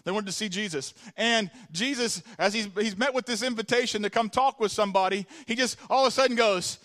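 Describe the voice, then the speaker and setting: A man's voice: high-pitched, brisk, a bit bright. A man preaching a sermon as pastor, rambling with many restarts and building to fervent emphasis.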